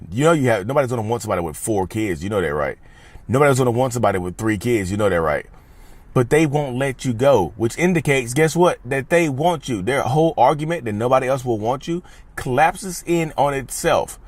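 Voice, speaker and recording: A man's voice: medium pitch, animated, a little fast, no room sound. Guy vlogging in his car on a phone cam, emphatic, keeps repeating himself. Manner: emphatic, repetitive, talks straight to viewers. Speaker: channel host. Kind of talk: casual vlog talk. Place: inside a parked car. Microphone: phone camera.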